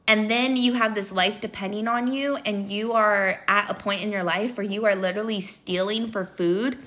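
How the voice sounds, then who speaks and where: A woman in her thirties hosts her own podcast in a candid, confessional monologue. Her voice is bright and sits a little high, and she keeps turning to her listeners as "you guys" while fighting back emotion. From American Midwest. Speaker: podcast host.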